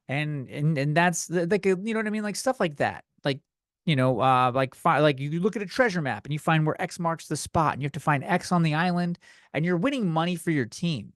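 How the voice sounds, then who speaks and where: A man's voice: on the high side, normal speed, dry recording, studio quality. Profane young man ranting on a podcast. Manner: ranting, profane, worked-up and loud at times. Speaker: podcast host. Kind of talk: comedic rant.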